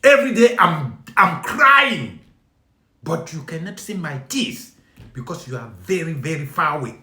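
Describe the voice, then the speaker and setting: Cameroonian man, French his first tongue, pleading direct-to-camera appeal, bright tense tone, echoey room. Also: a little high, very animated, normal speed. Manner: emphatic and pleading, repeating lines, bursts of shouting. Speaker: video speaker addressing compatriots. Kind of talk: impassioned spoken appeal.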